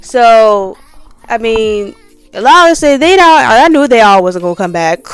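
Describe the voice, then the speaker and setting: A woman talks casually through ratings of reality show cast members, full of fillers and mocking whiny imitations. Her voice is smooth and sits a bit high. Faint music plays under her. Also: lively intonation, a little slow.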